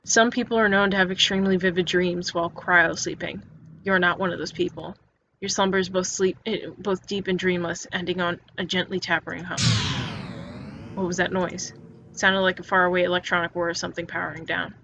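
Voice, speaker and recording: A woman's voice: on the low side, level tone, brisk, vocal fry, fairly bright tone, slight background noise. A woman reading an interactive story game aloud in second person, stumbling and restarting words often. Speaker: narrator. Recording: dull lo-fi recording with faint music.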